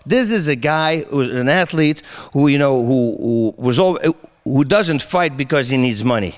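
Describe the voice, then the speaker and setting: Animated middle-aged man telling stories. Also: medium pitch, unhurried. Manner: animated storyteller, laughs often, many restarts. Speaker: interview guest, MMA commentator. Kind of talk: casual interview chat.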